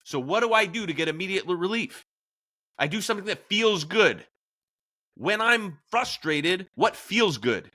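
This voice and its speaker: A man's voice: high voice, very animated, moderate pace, pushed and bright. A man hosting a podcast in a casual discussion, telling stories with animation and acting out quoted lines. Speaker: podcast host.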